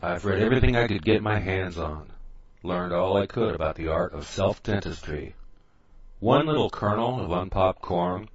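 A man telling a comic monologue sketch with a wry, deadpan delivery. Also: deep voice, moderate pace. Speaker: podcast contributor. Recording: echoey, dull-sounding room recording.

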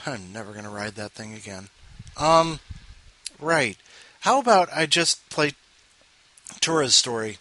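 A male podcast host with a bright, forceful voice that swoops up and down a lot. He rambles through casual chat with self-mocking asides. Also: medium pitch, big pitch swings, unhurried, long pauses.

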